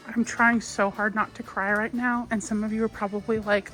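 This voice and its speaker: A woman vlogging casually while she walks through a craft store on her phone, chatty and a little wistful, with soft laughs now and then. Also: medium pitch, steady tone, normal speed, few pauses, faint music behind. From United States. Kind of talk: casual shopping vlog chat. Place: inside a large craft store. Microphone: phone held while walking.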